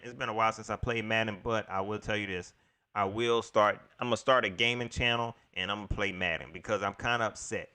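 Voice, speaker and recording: Speaking in a medium-pitched, sharp-toned voice, a livestream host rambles on a casual solo stream. He's an exasperated sports fan venting to chat, addressing viewers head-on and restating his points.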